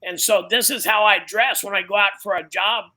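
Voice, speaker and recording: A man's voice: high-pitched, steady tone, fairly quick, bright, forceful tone, rough recording. A pastor speaking casually and animatedly, dropping "man" and "you know" into nearly every sentence. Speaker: pastor and biker ministry guest. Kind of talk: casual conversation.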